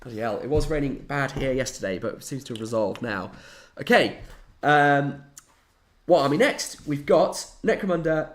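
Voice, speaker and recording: A young man chatting casually on a live stream, animated and playfully dramatic. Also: medium pitch, moderate pace. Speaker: hobby streamer.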